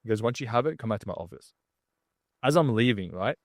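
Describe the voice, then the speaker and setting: A man's voice: on the low side, animated, fast talker, dry recording, studio quality. A man guesting on a podcast, telling a story in a casual, slangy way and acting out what other people said. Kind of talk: animated storytelling.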